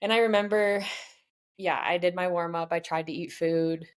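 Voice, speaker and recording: Low-voiced woman in her 20s, pro triathlete, casual chatty race story on a podcast. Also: fairly even intonation, moderate pace, smooth. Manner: chatty and candid, relives moments by quoting herself and others. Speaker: professional triathlete guest.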